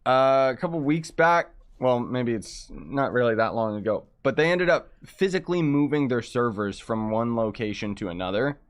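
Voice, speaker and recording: A man chatting casually during a live game stream, ranting in frustration and breaking into quick exclamations. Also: medium pitch, lively intonation, smooth. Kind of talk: casual live-stream chat while gaming.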